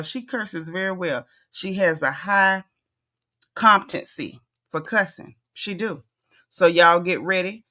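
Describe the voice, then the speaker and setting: A woman's voice: fairly low pitch, fairly bright tone. A woman, chatting casually to her viewers in a folksy, drawling, playful way. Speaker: commentary vlogger reacting to a clip. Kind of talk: casual chat.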